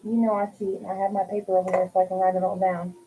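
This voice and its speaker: A middle-aged woman hosts a crochet livestream from home, chatting casually as she works and reading viewers' comments aloud, answering each by name. Her voice is medium-pitched, level and warm, and she talks very fast. The audio sounds tinny, like a phone, with a faint hiss.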